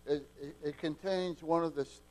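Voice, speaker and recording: A man preaching a sermon in a folksy, homespun way, often restarting and repeating words and swinging from soft asides to loud, emphatic peaks. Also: fairly high pitch, steady tone, normal speed, a little hiss or hum, low-quality recording.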